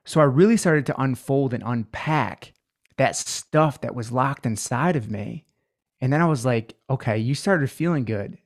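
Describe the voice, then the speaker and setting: A man's voice: medium pitch, lively intonation, a little slow. A man in his twenties, a guest on a podcast, telling his life story in an earnest, reflective way. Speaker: podcast guest, healing coach. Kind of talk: personal story in an interview.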